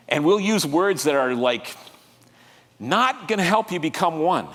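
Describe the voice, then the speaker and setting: Male pastor, high and lively voice, conversational sermon with call-and-response, reverberant sanctuary. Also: unhurried. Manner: animated, conversational preaching with audience call-and-response. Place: church sanctuary.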